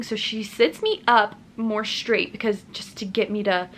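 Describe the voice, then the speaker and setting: A woman's voice: mid-range voice, fairly even intonation, measured pace, hardly any pauses, fairly bright tone, slight background noise. Chatty young woman telling a personal story. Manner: chatty, earnest, frequent "like" fillers. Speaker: family vlogger, mother. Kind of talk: casual personal storytelling to camera.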